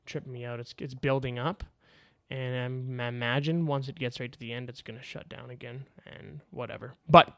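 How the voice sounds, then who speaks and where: Animated man hosting a casual podcast. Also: medium pitch, fairly quick, vocal fry, no echo. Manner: animated, swears freely, laughs through his story. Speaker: podcast host. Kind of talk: casual solo podcast storytelling. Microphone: video camera on a tripod.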